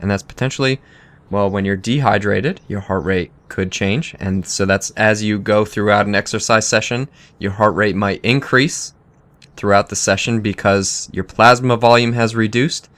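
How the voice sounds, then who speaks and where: A man's voice: on the low side, steady tone, normal speed, fairly bright tone. A man co-hosting a training podcast, explaining things plainly and slipping in dry jokes. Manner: dry joking asides between plain explanations. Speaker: podcast co-host. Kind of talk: casual coaching chat.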